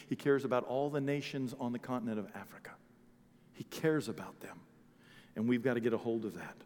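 A man preaching a sermon as pastor, swinging between quiet talk and loud emphatic preaching. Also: mid-range voice, in a large hall.

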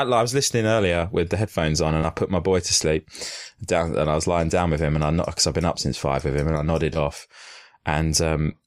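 A man's voice: low voice, dry recording, clean studio sound. A man co-hosting a podcast, telling long, crude, jokey stories in a rambling casual way. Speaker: podcast co-host. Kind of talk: casual storytelling chat.

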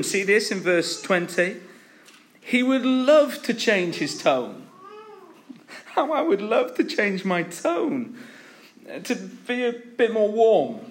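Preacher, male, fairly high voice, earnest and emphatic, unhurried sermon delivery. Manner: earnest, emphatic, with storytelling asides.

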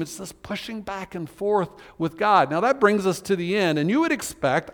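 A male pastor giving a conversational sermon, slowing down to read scripture aloud. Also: high-pitched, lively intonation. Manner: conversational preaching, reads scripture aloud slowly. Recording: long reverb of a large hall.

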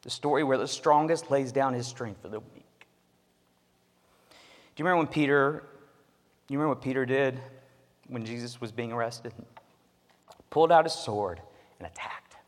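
A man's voice: mid-range voice, normal speed, pauses often. Earnest male pastor in a reverberant sanctuary. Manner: earnest, conversational preaching with asides to the congregation. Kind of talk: sermon.

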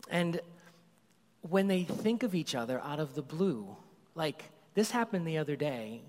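A man's voice: fairly high pitch, unhurried. A middle-aged man preaching a sermon as a pastor, telling stories about his kids in a casual, conversational way. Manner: conversational storytelling, animated when excited. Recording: long reverb of a large hall.

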